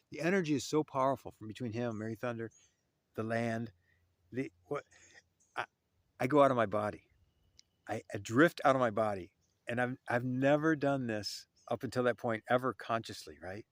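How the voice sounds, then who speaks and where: A man's voice: mid-range voice, normal speed, dry recording. Brief: male storyteller, casual and repetitive, dry recording. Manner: rambling, repeats phrases, chants a murmured prayer. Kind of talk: personal spiritual story told casually.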